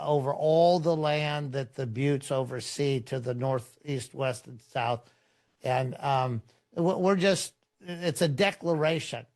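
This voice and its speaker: A pastor speaking as a podcast guest, unhurried and conversational as he tells a story. His voice sits at an ordinary middle pitch for a man, neither deep nor high.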